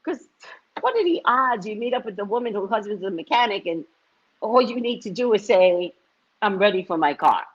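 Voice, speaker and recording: A woman's voice: on the high side, animated, fairly quick. A woman live-streaming as a psychic reader, chatting casually and telling a story, laughing often and acting out the people she quotes. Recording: dull lo-fi stream audio.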